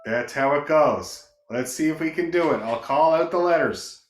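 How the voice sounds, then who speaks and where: Guy teaching beginner fiddle, kinda high voice, roomy echo, fiddle playing in the back. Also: normal speed, music in the background. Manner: encouraging, counts in and calls out notes. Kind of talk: online beginner fiddle lesson.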